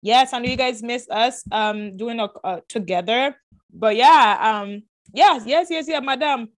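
A woman's voice: fairly high pitch, a little slow. A woman hosting a casual podcast, upbeat and chatty, repeating words and talking straight to her listeners. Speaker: podcast host.

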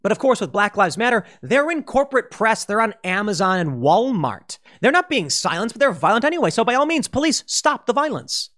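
Briskly and with few pauses, a high-voiced man pushes his political opinions with emphasis and energy. He restarts often and performs quoted asides loudly, as if voicing other people's remarks.

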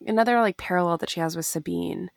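Woman podcast cohost, gravelly fry in her voice, excited and teasing, dry sound. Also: lowish voice, fast, dry recording. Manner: enthusiastic, playful teasing. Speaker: podcast co-host. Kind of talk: casual chat.

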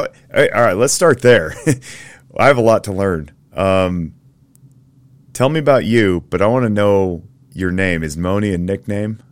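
Deep-voiced rambling male podcast host. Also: clear, resonant tone. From Northern Nevada. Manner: rambling, self-correcting, with many fillers. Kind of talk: casual podcast chat.

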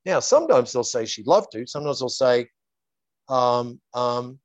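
A male therapist lays out his approach in a steady, methodical run of repeated phrases. The audio is dull and lo-fi, with a dry, close sound. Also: mid-range voice, a little slow, dry recording. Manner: repetitive, methodical, acts out client dialogues. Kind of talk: explaining his method in an interview.

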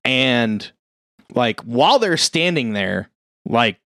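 A man recaps a horror movie in loose, rambling chat, peppering it with profanity and little acted-out lines from the characters. His voice sits at an ordinary middle pitch. The sound is dry and close. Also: sing-song, takes it slowly, pushed and bright, dry recording. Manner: profane, rambling, acts out quotes. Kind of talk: casual chat, retelling a movie.

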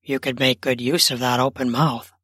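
A woman voicing a lustful, commanding older man, speaking in a low, husky murmur. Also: fairly even intonation, normal speed, a bit bright, no echo, clean studio sound, heavily acted.

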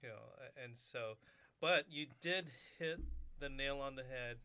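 Bright-voiced minister, earnest and halting. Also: male voice, mid-range voice, smooth. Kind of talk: casual conversation.

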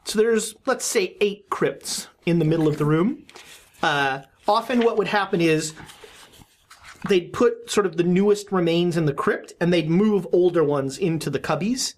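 A woman's voice: fairly low pitch, moderate pace. A woman narrating as game master for a tabletop horror game, talking in a chatty way with fillers and restarts.

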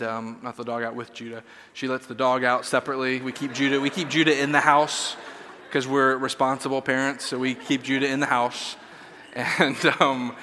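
Bright-voiced man telling a story in a hall. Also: mid-range voice. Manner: casual, self-deprecating, many fillers. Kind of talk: sermon storytelling. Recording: long hall reverb.

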